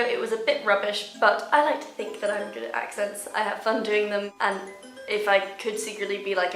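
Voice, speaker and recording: A woman's voice: fairly high pitch, a bit bright. Bubbly young woman in an echoey room. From Hawaii, USA. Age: young adult. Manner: chatty, bubbly and self-mocking. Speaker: vlogger. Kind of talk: casual talk to camera. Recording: roomy echo with faint music.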